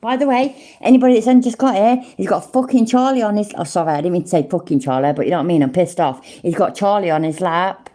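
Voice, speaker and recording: Low-voiced sarcastic sweary woman. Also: quick pace, few pauses, warm tone. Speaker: stream commentator. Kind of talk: mocking reaction commentary.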